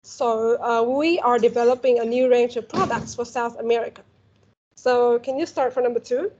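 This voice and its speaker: A woman's voice: fairly high pitch, steady tone, normal speed, darkish tone, muffled recording, a little hiss or hum. A woman with a Vietnamese accent teaching a one-on-one English lesson, patient and encouraging, often saying "very good" and modeling pronunciation.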